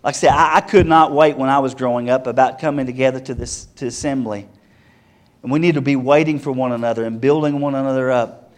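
A man's voice: mid-range voice, steady tone, quick pace. A man preaching a sermon to a congregation, earnest and repetitive, building his point through rhetorical questions.

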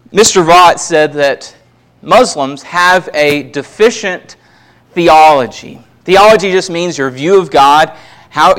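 A man's voice: on the high side, fairly bright tone. A man preaching a sermon, reading scripture aloud and stressing key words with emphasis.

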